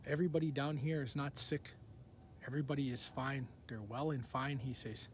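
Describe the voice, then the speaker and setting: A man telling the story of a vivid dream in an unhurried, repetitive way, often going back over the same words. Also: mid-range voice, fairly even intonation, slight background noise. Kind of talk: recounting a dream.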